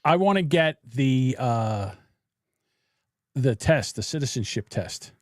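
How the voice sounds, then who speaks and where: A man's voice: mid-range voice, expressive, slow, no room sound, studio quality. A man hosting a casual chat show, joking and playful. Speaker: host.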